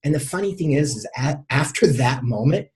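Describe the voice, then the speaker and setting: A man's voice: medium pitch, expressive, a little mellow, a little hiss or hum. Middle-aged male coach, interview guest, stop-start storytelling with many repeated words. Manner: halting, repeats words often.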